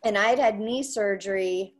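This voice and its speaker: A country music radio host chats casually, her mid-range voice moving at a normal speed as she recounts anecdotes. Animated throughout, she acts out the quoted voices of other people.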